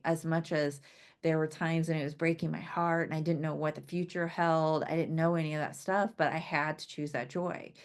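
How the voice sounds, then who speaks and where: A woman leads a motivational business training session in a casual, talkative way. She laughs often and keeps turning to her listeners with a quick "right?". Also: deep voice.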